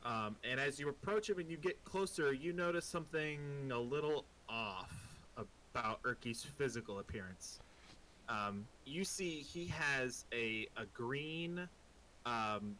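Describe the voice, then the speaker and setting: A man narrating as game master of a tabletop game, relaxed and hesitant, with many pauses and ums. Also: mid-range voice, slight background noise, poor audio.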